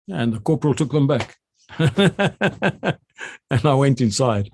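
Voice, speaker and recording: Older South African man, retired officer recounting his service, lively and vivid storyteller, middle pitch. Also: slow, creaky, pauses often, a little hiss or hum. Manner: animated storyteller who acts out the orders he shouted. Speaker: retired army general. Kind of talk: recounting memories in a conversation.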